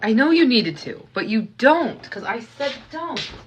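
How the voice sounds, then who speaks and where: A woman chats to her live-stream viewers while she cooks in her kitchen, teasing them and scolding them playfully. Her pitch sits a little high and swings about a lot, and she drags her words out slowly. Dishes and cutlery clatter clearly behind her. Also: big pitch swings, highs cut off, a little hiss or hum. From Canada. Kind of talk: casual live-stream chat while cooking.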